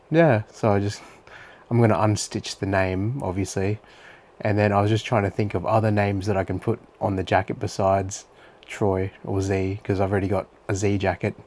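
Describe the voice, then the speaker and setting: Here a young Australian vlogger with a lowish, darkish voice talks through his day. The monologue is rambling and chatty like a diary, thick with fillers and sprinkled with swearing.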